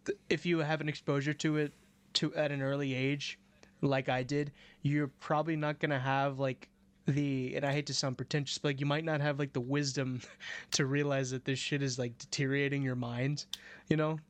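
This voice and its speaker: A man's voice: mid-range voice, little pitch movement, moderate pace, no echo. A young man co-hosting a podcast in casual chat, rambling with lots of "like" and casual swearing. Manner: rambling, fillers like "like", curses. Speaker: podcast co-host.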